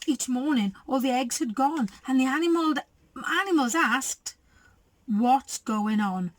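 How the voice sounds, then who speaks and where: A woman reading a picture book aloud to children, expressive, with chatty asides. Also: fairly high pitch, poor audio. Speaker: storyteller.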